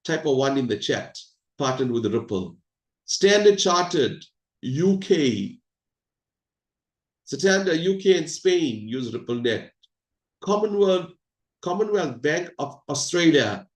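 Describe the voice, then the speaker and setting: A man hosting an online meeting, giving an animated, hyped presentation and talking straight to his audience over a video call. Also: on the high side, slow, long pauses, reverberant. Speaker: host of an online crypto meeting.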